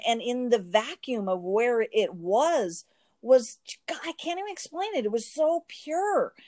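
Animated woman telling a story. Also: on the high side, dry recording. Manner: animated storyteller, restarts and self-interrupts. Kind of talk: casual conversation.

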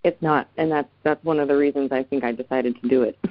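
A woman co-hosts a podcast and tells family stories in a warm, anecdotal way, laughing as she goes. The recording sounds somewhat dull and muffled. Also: very deep voice, fairly even intonation, fast talker, no room sound. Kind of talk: casual storytelling chat.

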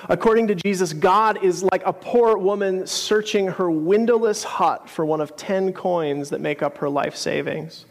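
Earnest high-voiced male preacher in a hall. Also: a little slow, few pauses. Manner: conversational, earnest storytelling with asides. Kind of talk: sermon.

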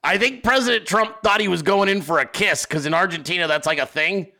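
A male host giving excitable, profane political commentary, laughing often as he talks. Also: sits high, a little fast. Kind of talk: casual commentary.

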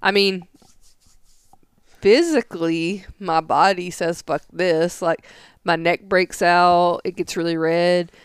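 Smooth-voiced woman podcaster, rambling. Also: on the low side, takes it slowly, no echo, studio quality. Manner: rambling, argumentative, filler-heavy. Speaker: podcast co-host. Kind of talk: casual podcast chat.

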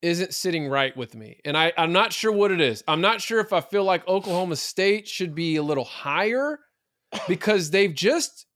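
A man co-hosting a casual sports podcast, opinionated and animated, with many fillers and restarts. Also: high voice, moderate pace, no room sound, clean studio sound. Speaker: podcast co-host.

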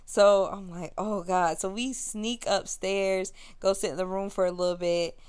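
A woman's voice: medium pitch, normal speed, clear, resonant tone. A young woman host casually telling a funny teenage story, acting out the people in it and laughing along. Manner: animated, acts out quotes, laughs while telling. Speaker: podcast host.

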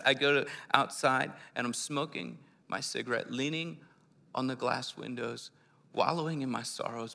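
A man's voice: medium pitch, gravelly, pushed and bright. A man from Philadelphia preaching a sermon, telling his own testimony in an earnest, conversational way. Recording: long hall reverb.

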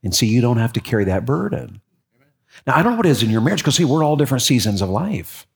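A middle-aged man preaching a sermon, telling a personal story with lively repeats and sudden rises in his voice. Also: medium pitch, quick pace, vocal fry. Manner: animated storytelling, repeats words, voice jumps up when excited. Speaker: pastor.

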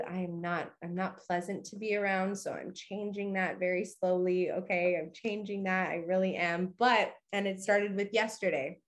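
Chatty upbeat young woman podcast host. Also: medium pitch. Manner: chatty and upbeat, full of "you know" and "okay". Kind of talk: casual motivational monologue.

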